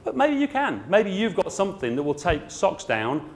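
A man's voice: high-pitched, wildly swooping pitch, moderate pace, slight background noise. Frank, jokey man giving a talk. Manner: frank, chatty and jokey, with dry asides. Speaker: garden centre owner speaking at a trade show. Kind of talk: trade show talk to an audience.

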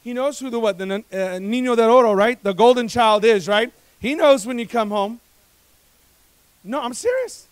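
High-voiced, energetic male pastor. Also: moderate pace, clean tone, dry recording. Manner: energetic, conversational, jokes with the congregation, asks rhetorical questions; repeats words when speeding up. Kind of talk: sermon. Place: church service.

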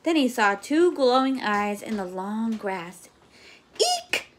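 A young adult woman reading a children's story aloud as a teacher, gentle and coaxing, often asking her listeners questions. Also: medium pitch, animated, unhurried, noisy background.

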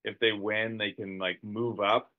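A man's voice: lowish voice, level tone, unhurried, narrow, tinny audio. A man guesting on a podcast in casual chat, talking hesitantly with many "like" fillers.

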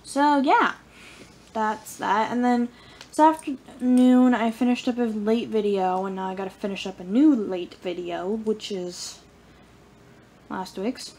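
A woman's voice: medium pitch, unhurried, darkish tone. A young woman vlogging casually about her day, rambling and playful, with lots of filler words. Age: young adult. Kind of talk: casual vlog diary.

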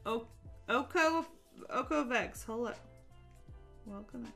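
High lively woman painting on stream, chats to herself and baby-talks her pet. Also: normal speed, faint music behind. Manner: chatty, thinks aloud, coos at her pet in a playful voice. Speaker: art live-streamer. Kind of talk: casual chat while painting on a live stream.

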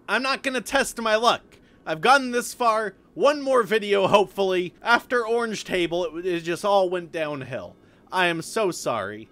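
A gaming video creator records let's play commentary in a high, animated, slightly bright voice at normal speed. He reacts to a hard climbing game with anxious exclamations, pleading with it and cursing at it while game music plays behind him.

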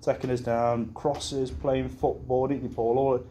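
A man's voice: mid-range voice, flat delivery, measured pace, dark tone, slight background noise. A young man giving a best man speech at a wedding, rambling through anecdotes and laughing at his own stories, swearing casually. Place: wedding reception room.

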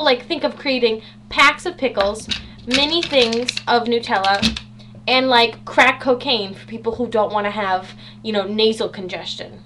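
A bubbly teenage girl vlogging from her room, her voice sitting a little high as she jokes about herself with a dry, sarcastic edge. A faint hum runs under the webcam audio. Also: a bit bright. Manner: bubbly, sarcastic, self-mocking. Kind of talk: casual chatty vlog. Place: home bedroom.

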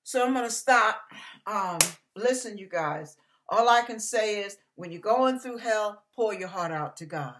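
A woman's voice: medium pitch, expressive, unhurried, a bit bright. A woman giving an emotional devotional sermon, fervent and emphatic, at times tearful. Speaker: devotional speaker.

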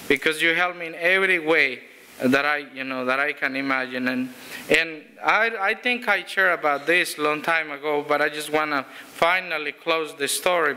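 High, bright-voiced man preaching. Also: clear, resonant tone. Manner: storytelling with frequent restarts and chuckles. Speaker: pastor. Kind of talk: conversational sermon. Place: church sanctuary.

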